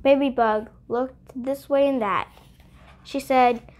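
A woman reading a children's picture book aloud, clear and expressive. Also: sits high, takes it slowly. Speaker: storybook reader. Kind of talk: children's read-aloud narration.

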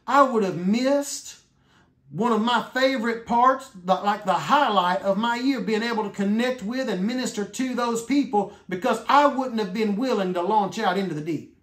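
High-voiced emphatic man preaching. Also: fairly bright tone, roomy sound. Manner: emphatic, drawing out key words slowly. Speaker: minister. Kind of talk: sermon.

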